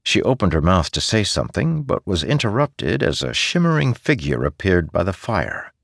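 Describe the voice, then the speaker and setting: A man narrating a fantasy audiobook in a measured, expressive way. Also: low-pitched, gravelly, husky, dry recording, clean studio sound. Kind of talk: scripted narration.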